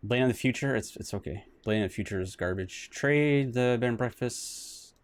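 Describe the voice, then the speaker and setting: A man's voice: medium pitch, a little fast, few pauses, clean tone. A man streaming a retro detective game, chatting casually with many restarts, reading bits aloud and joking at himself. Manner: rambling, self-mocking, with restarts and sudden exclamations. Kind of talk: casual let's-play commentary.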